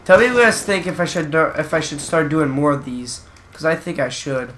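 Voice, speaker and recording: Gaming host, male, bright and a bit high, rambly and quick to rage at the game. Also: slight background noise. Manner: rambling, easily frustrated, swearing at the game. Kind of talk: casual gameplay commentary.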